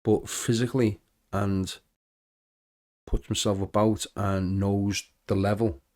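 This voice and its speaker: A man, a former footballer, telling lively anecdotes in a casual podcast interview, acting out the dialogue. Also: fairly low pitch, slow. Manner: animated anecdotes with acted-out dialogue.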